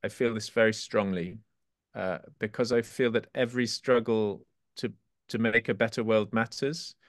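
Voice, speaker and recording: A man, an author being interviewed, who speaks haltingly with many restarts and reads his poems slowly. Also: on the low side, steady tone, no echo, clean studio sound. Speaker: author guest. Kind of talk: interview and poetry reading.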